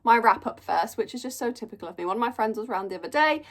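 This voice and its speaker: A woman's voice: fairly high pitch, animated, rapid-fire. A young woman chatting casually through a monthly reading wrap-up, gushing and storytelling with lots of "like". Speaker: book reviewer.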